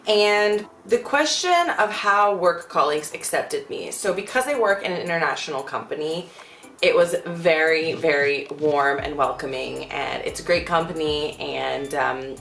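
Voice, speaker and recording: A young American woman vlogging a casual Q and A from her bedroom, chatty and animated, with lots of fillers. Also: deep voice, normal speed, gravelly, echoey room, soft background music. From United States. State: out of breath. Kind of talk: casual Q and A vlog. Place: indoors at home, bedroom.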